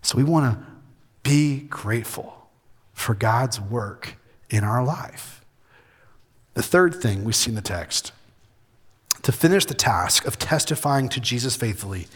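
A man preaching a sermon as pastor, emphatic, shifting between loud, urgent passages and soft, intimate ones. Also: mid-range voice, animated, a little slow, long pauses, husky. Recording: hall reverb.

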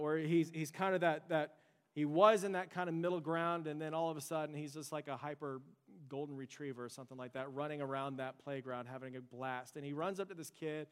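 A man's voice: fairly high pitch, clear, resonant tone. A young adult man preaching a sermon as pastor, earnest and conversational, mixing storytelling asides into his message. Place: church sanctuary. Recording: long church hall reverb.

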